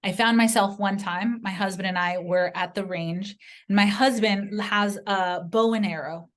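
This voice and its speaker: Woman, mid-range voice, earnest direct persuasion, storytelling sales pitch to camera. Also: steady tone, moderate pace. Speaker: sales presenter.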